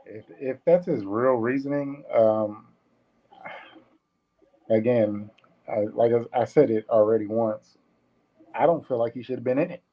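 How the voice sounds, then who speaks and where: A man on a casual podcast panel who speaks in a measured way, with many fillers and repeats. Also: mid-range voice, dull audio. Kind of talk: casual debate among friends.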